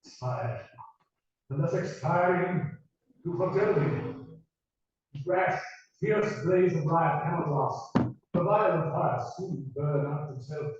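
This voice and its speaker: An actor playing a dying old nobleman, slowly declaiming verse in classical stage style, replayed through speakers into an echoey room and caught from afar. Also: fairly high pitch, expressive, recorded from a distance, dull audio, a little hiss or hum. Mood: solemn. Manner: slow, measured declaiming of verse.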